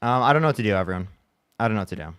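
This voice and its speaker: Streamer host, male, rapid frustrated chatter, swears and restarts a lot. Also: lowish voice, expressive, a bit bright, smooth. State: upset after a bad day. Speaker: livestream debate host. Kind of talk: casual livestream chat.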